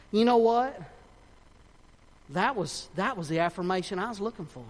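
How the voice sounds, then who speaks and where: A man preaching a sermon in a fervent, folksy way, swinging between shouts and hushed tones. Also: high-pitched, expressive, moderate pace, long pauses. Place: church sanctuary. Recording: long reverb of a church hall.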